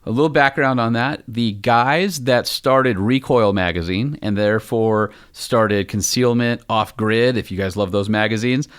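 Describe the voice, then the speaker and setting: A man's voice: medium pitch, measured pace, few pauses, clean tone. A man co-hosting a podcast in a conference room, chatting casually in an upbeat, rambling way with lots of fillers. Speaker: podcast co-host.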